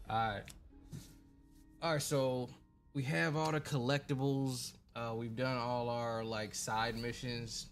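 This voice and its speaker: A man's voice: medium pitch, fairly even intonation, slow pace, faint music behind. A young man hosting a casual late-night gaming livestream, greeting viewers by name in a laid-back, colloquial way. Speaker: gaming streamer.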